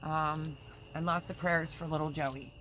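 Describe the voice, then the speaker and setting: A woman's voice: sits low, fairly even intonation, a little slow, a little hiss or hum. Chatty woman livestreamer, crickets behind. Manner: chatty and warm-hearted, reads viewer comments aloud, offers prayers. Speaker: livestream host. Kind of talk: casual live chat reading comments.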